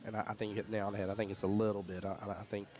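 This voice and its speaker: A man's voice: on the low side, little pitch movement, racing, warm tone, soft background music. A man, commentating a pool match in a casual, chatty way. He laughs often and repeats words as he tells stories. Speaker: pool commentator and division rep. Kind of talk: casual live sports commentary.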